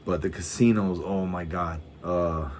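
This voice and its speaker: A man's voice: sits low, fairly even intonation, measured pace, a little mellow, slight background noise. A middle-aged man telling rambling stories in casual chat, swearing freely and often restarting his sentences. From United States. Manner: laid-back rambling storytelling, swears a lot, often restarts. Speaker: vlogger.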